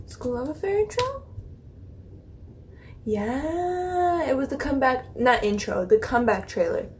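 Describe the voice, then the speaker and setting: A young woman with a fairly high voice talks straight to her viewers in a loose, rambling way. She gushes, swears and laughs, piling up fillers and restarts as the excitement spills over. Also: slight background noise. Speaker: reaction video host. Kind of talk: excited casual reaction chat.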